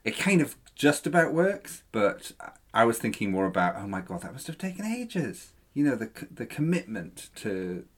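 A woman's voice: rumbling low, big pitch swings, moderate pace, husky. A woman co-hosting a podcast, chatting casually about a TV series with enthusiasm and frequent laughter. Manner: enthusiastic, laughs often, acts out scenes in quoted voices. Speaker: podcast co-host.

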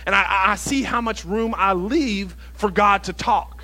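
A man preaching a sermon as associate pastor in a church, emphatic and repetitive, dropping to quiet asides. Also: sits high, a little slow.

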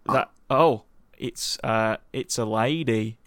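A man's voice: medium pitch, slow pace, fairly bright tone, no echo, clean studio sound. A man playing a tabletop game, chatty and prone to tangents. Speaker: player. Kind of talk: casual chat.

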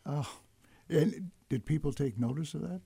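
A male host asks questions and thanks his guest often. His voice is mellow, husky and a bit gravelly, and it sounds close and dry. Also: on the high side, normal speed, no echo. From Detroit. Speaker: talk show host. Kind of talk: interview host.

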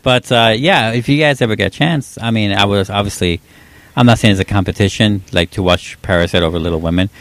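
A man co-hosting a casual chat, easygoing and quick to ask questions. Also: lowish voice, a bit bright, dry recording. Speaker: podcast co-host. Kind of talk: casual chat about movies.

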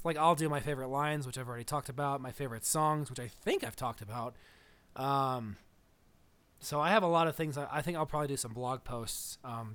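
A man's voice: on the high side, fairly bright tone. A man co-hosting a podcast, chatting casually about films in a rambling, digressive way and laughing often. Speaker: podcast co-host. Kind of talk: casual film chat.

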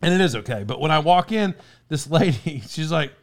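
A man with a somewhat high speaking voice hosts a podcast from a studio. He tells stories loosely, restarting sentences and breaking into laughter. The feel is relaxed, unscripted chat. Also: a little fast. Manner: rambling, self-interrupting, laughs often. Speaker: podcast host. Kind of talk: casual storytelling chat.

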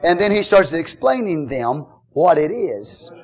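A man preaching a fervent sermon, calling out to the congregation and shouting at the peaks. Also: a little high, sing-song, unhurried. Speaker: pastor.

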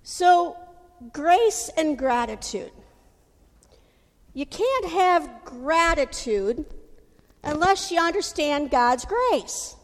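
A woman's voice: high-pitched, lively intonation, drawn-out words, long pauses. A woman preaching a sermon in a folksy, casual storytelling way. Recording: hall reverb.

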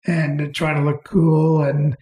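Interview guest, man, easygoing rambling stories; mellow, slightly high voice in a reverberant room. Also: slow pace, slight background noise. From England, raised in Canada. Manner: relaxed, rambling with fillers and restarts. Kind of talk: casual storytelling.

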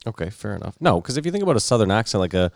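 A man with a very low, deep voice chatting casually and joking with friends, cursing freely and slipping into put-on accents for laughs. The sound is dry and close. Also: sing-song, very fast, no room sound. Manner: swears freely, jokes around, mimics accents. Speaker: podcast co-host. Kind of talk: casual chat.

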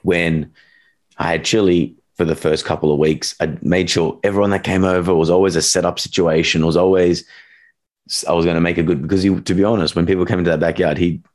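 A man's voice: deep voice, steady tone, a little fast, a little mellow. A young man, a dog trainer, talking casually and rambling, acting out quotes with funny voices. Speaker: dog trainer, podcast co-host. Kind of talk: casual chat.

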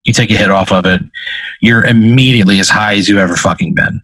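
A man's voice: lowish voice, fast talker, fairly bright tone, dry recording, poor audio. A man narrating a tabletop role-play as game master, talking casually and profanely in rambling sentences.

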